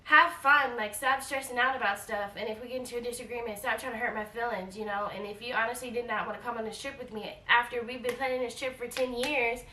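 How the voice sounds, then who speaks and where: A woman in her forties telling a travel storytime in a casual, animated way, acting out quoted lines and repeating herself. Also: a little high, fast, hardly any pauses, recorded from a distance, slight background noise. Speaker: travel vlogger. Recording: echoey room, voice a bit off-mic.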